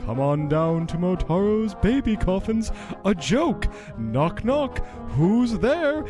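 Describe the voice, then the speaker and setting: A man's voice: sits high, sing-song, slow, music in the background, voice pushed up, exaggerated voice. A man voicing a pompous ad announcer with a florid, mock-grand delivery for a comedy fake sponsor read. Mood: mock grandiose. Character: pompous male ad announcer for a baby coffin seller.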